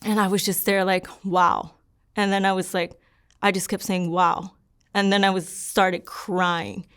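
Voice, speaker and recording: Young woman in an interview telling her story, smooth clear voice, rambly, says like a lot. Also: mid-range voice, little pitch movement, moderate pace, a bit bright. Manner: rambling and earnest, leans heavily on "like". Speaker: interview subject. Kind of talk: candid personal storytelling.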